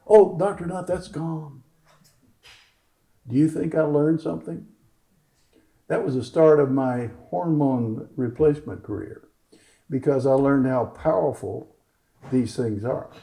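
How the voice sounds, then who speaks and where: A man who is a doctor gives a live talk in an indoor gym, voicing other people's lines as he tells a story. He speaks at a measured pace in a mid-range, creaky, dark voice, captured on a rough recording.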